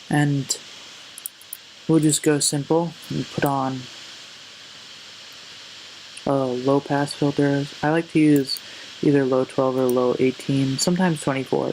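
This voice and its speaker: Flat-voiced man walking through a synth tutorial. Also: mid-range voice, gravelly, low-quality recording. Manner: relaxed, hesitant, corrects himself mid-step. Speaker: music production tutor. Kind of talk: casual screen-recorded tutorial. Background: faint synth sounds.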